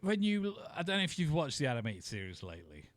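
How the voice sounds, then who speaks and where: A man's voice: fairly high pitch, huge pitch swings, fast, no room sound. A man co-hosting a podcast, chatting casually, rambling, swearing and laughing often. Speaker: podcast co-host. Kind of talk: casual chat.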